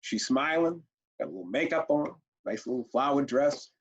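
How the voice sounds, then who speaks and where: A man presents a parenting webinar as an energetic storytelling lecture, using rhetorical questions and repeating words for emphasis. His mid-range voice is expressive and slightly rough, at a normal speed. The recording sounds muffled.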